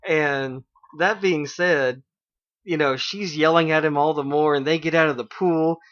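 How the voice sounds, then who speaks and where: A man's voice: a little high, steady tone, unhurried, fairly bright tone. A man hosting a casual internet radio show, retelling an anime episode with lots of "like" and "you know". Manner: chatty retelling with many fillers. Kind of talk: casual anime recap chat. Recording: dull lo-fi internet radio stream.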